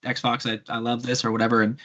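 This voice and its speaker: A man guest chatting casually on a podcast, telling animated stories, acting out quotes and laughing often. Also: medium pitch, quick pace. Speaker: guest, blaster kit designer. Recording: dull lo-fi sound.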